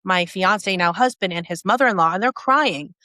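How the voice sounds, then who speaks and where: A woman's voice: medium pitch, expressive, moderate pace, pushed and bright, no echo, clean studio sound. A woman telling a personal story as a podcast guest, animating it by acting out other people's lines and her own reactions, in a casual, restart-filled way. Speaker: podcast guest, app founder.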